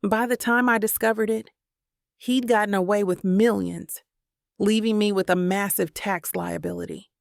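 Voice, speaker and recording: A troubled wealthy man confesses in a low, measured voice, read by a woman narrator. A gravelly fry runs under the words. The sound is dry and close. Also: fairly even intonation, no echo, lightly acted. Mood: pained.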